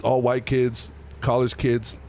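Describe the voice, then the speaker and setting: A comedian in his thirties telling stories in casual chat, animated and rambling, laughing at himself and swearing freely. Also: medium pitch, slow, a little hiss or hum. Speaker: comedian guest. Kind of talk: casual storytelling. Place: outdoors on a busy city boulevard.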